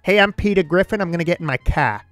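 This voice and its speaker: Goofy Boston cartoon dad, drawling and loud, as a man does the impression, dry close sound. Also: high voice, expressive, quick pace, dry recording, faint music behind. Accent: put-on Boston.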